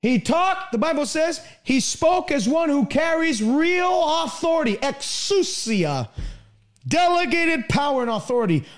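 High-voiced emphatic male preacher. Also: big pitch swings, measured pace. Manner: emphatic, swings between high pleading and low asides. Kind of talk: broadcast sermon.

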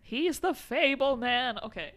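Young woman, bright forceful voice, fairly high, podcast co-host, casual film recap, laughing often. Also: measured pace. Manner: animated, laughing, swearing freely.

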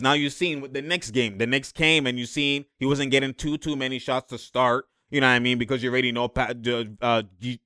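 A man's voice: medium pitch, pushed and bright, smooth, no room sound, studio quality. A young man hosting a podcast, talking basketball in a casual, slangy way and leaning on filler phrases. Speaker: podcast host.

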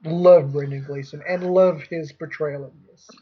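A husky, slightly higher-voiced man leads a loose movie podcast. He rambles easily between points with plenty of restarts, and the recording sounds dull and lo-fi. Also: steady tone, normal speed. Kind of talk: casual movie review chat.

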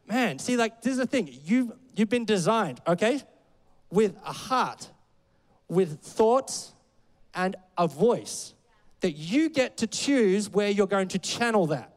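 A man's voice: high-pitched, lively intonation, slow pace, in a large hall. A man preaching a sermon in a loose, conversational way, full of fillers and playful asides. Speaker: pastor. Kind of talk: casual sermon.

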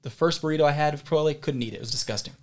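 Talking very fast in a slightly high, darkish voice, a man co-hosting a podcast spins out a long story in casual conversation. He wanders off on tangents and swears a bit along the way.

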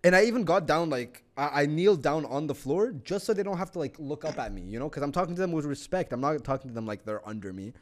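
A man's voice: a little high, fast, hardly any pauses. A young man co-hosting a podcast, telling a story in casual chat, swearing often and acting out what people said. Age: young adult. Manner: animated, swears a lot, acts out quotes. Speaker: podcast co-host.

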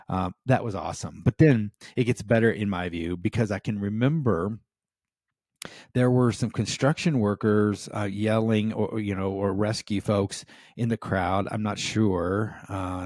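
A man's voice: fairly low pitch, darkish tone, no room sound, studio quality. An American man hosting a leadership podcast, speaking earnestly with frequent "um" and "right?" and rising emphasis. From United States. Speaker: podcast host. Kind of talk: reflective solo podcast talk.

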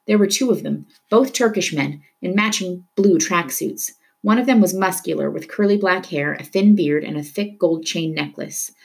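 A woman reading a novel aloud with steady storytelling narration. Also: fairly low pitch, moderate pace, gravelly, few pauses. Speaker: reader.

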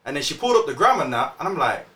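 Young guy chatting fast, slangy, roomy room sound. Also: on the high side, very animated, over a noisy crowd. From Scotland. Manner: slangy, storytelling, quick. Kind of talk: casual chat. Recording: roomy sound with faint ambience.

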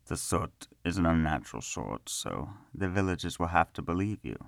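A gentle, unhurried young captive, bound in arcane stone, speaks in a quiet, low, pleasant tone, voiced by a male storyteller. He sounds serene and a little cryptic. The recording is dry and close. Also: lively intonation, creaky, no room sound. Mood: calm. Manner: soft, pleasant and reassuring. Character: young man trapped in a floor, calm, smiling, cryptic. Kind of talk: storybook character reading.

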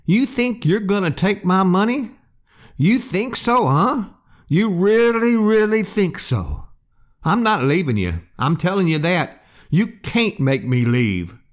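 A man voicing an angry, stubborn man who yells threats while waving a shotgun. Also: medium pitch, sing-song, slow pace, pauses often. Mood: furious yelling. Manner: yelling, threatening.

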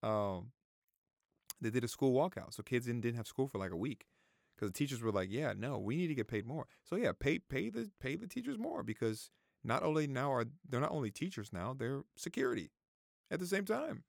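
A man in his thirties talks straight to his viewers in a casual vlog, repeating himself, swearing freely and choking up. His voice has a gravelly edge and a middling pitch. The sound is close and dry. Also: sing-song, a little fast, no room sound. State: close to tears. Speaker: vlogger. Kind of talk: casual opinion talk to camera.

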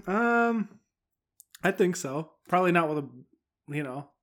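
A man's voice: high voice, lively intonation, slow, fairly bright tone. A man co-hosting a podcast in casual chat, easygoing, dropping dry joking asides. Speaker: podcast co-host.

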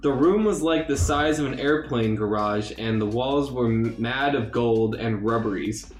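Slow, laughing man reading a silly story aloud. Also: mid-range voice. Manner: reads slowly, laughs often, stumbles over misspelled words. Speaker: co-host reading a fanfiction aloud. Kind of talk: comedic dramatic reading. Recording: echoey room with faint music.

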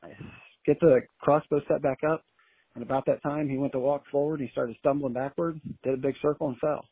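A man telling a long story in a casual, colloquial and animated way as an interview guest, heard over a phone line. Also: mid-range voice, fairly quick, slightly rough, no echo. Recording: tinny dry phone line.

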